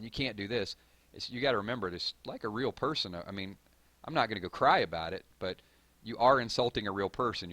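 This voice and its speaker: A man's voice: low voice, a bit bright. A man hosting a live stream, chatting loosely and rambling through viewer comments with plenty of fillers and restarts. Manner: rambling and conversational, with frequent fillers and self-corrections.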